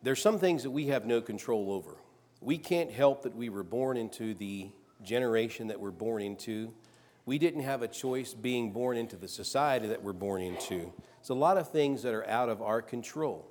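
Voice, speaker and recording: A man preaching a sermon, reading scripture aloud and rising louder on the quoted lines. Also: mid-range voice, lively intonation, moderate pace.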